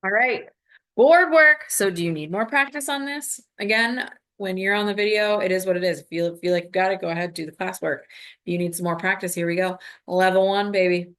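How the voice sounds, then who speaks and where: A woman's voice: medium pitch, steady tone, fairly quick. A woman math teacher recording a lesson, talking students through each step in an upbeat, coaching way.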